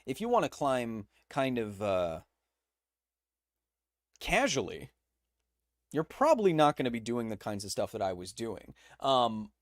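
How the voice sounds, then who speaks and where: A man's voice: medium pitch, dry recording. Guy hosting a live stream, rambly and chatty, mid voice, dead dry sound. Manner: rambling, frequent fillers and restarts. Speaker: host. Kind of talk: casual livestream chat.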